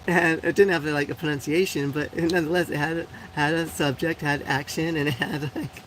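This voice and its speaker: A woman's voice: sits low, steady tone, normal speed, slight background noise, low-quality recording. A woman in her forties hosting a live stream and chatting casually with viewers. She answers comments bluntly, with lots of fillers and frequent laughs. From Puerto Rico. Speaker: live show host.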